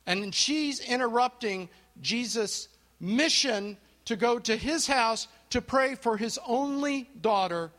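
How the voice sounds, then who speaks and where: A man with a very high, animated voice talks slowly with hardly any pauses while teaching a Bible study to a live group. He tells the story, puts questions to listeners and thanks responders, hushing his voice for dramatic moments.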